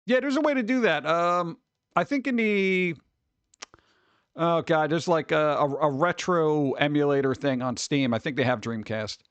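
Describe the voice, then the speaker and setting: A man's voice: fairly high pitch, unhurried, a bit bright, clean tone, no echo, highs cut off. A man streaming live from his home setup, rambling and joking with exasperation in casual chat.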